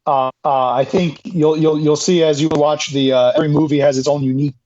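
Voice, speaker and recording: Guy cohosting a movie podcast, rambles and stops and starts, kinda high voice, dull muffled audio. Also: steady tone, a little mellow. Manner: rambling, halting, with restarts and laughs. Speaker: podcast co-host. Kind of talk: casual movie discussion.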